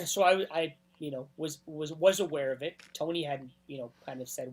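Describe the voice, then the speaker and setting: A man with a husky, slightly raspy voice talks through club stories in a casual interview. He rambles through anecdotes as a guest DJ, pausing often to clear his throat. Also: medium pitch, steady tone.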